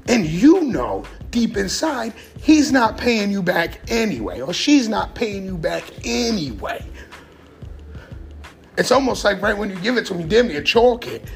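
Middle aged guy ranting about money, rough voice, very animated, faint music behind. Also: sits high, measured pace. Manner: blunt, profane street talk. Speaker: vlogger giving life advice. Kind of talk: casual monologue.

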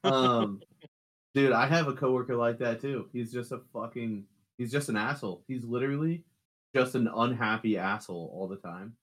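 A man's voice: medium pitch, moderate pace, fairly bright tone. A man, co-hosting a podcast, telling a long, rambling story about a coworker. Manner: rambling storytelling that acts out quotes. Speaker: podcast co-host. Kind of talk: casual chat.

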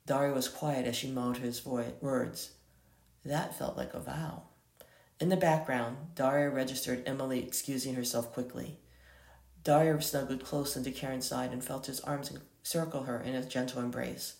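Someone reads a romance story aloud, frequently stumbling and correcting themself. Their middling-pitched voice carries constant vocal fry at a normal speed, recorded in an echoey room.

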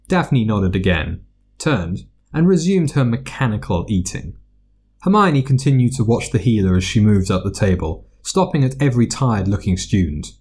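A man narrating a story aloud, expressive and doing voices for the characters. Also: on the low side, moderate pace, slightly rough. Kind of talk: fan fiction reading.

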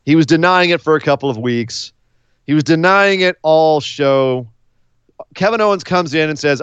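A man in casual podcast chat, rambling and playful as he recaps events. His mid-range voice is smooth and clear, recorded dry and close with a slightly dull, lo-fi tone. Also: fairly high pitch, animated, moderate pace, a bit bright, dry recording. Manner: rambling, playful, fond of doing impressions. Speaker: podcast co-host.

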